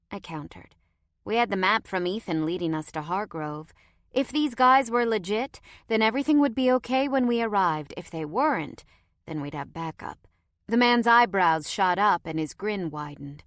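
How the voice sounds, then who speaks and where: A woman's voice: lowish voice, animated, normal speed, dry recording, clean studio sound. A woman reading a first-person audiobook with tense, dramatic storytelling. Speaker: audiobook narrator.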